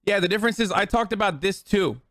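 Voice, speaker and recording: A man's voice: sits high, expressive, fast talker, a bit bright, no room sound, clean studio sound. A man streaming political commentary, ranting to his live chat in a heated, profane way.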